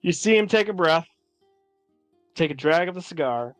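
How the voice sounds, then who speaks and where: A man's voice: fairly high pitch, lively intonation, moderate pace, no echo, soft background music. Meandering man narrating a tabletop game. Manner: descriptive, meandering, many "like"s. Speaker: game master.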